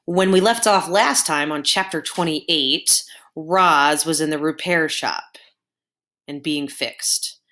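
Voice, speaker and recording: Woman reading a story to kids, slow. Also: low voice. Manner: warm asides to young listeners. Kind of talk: children's storybook read-aloud.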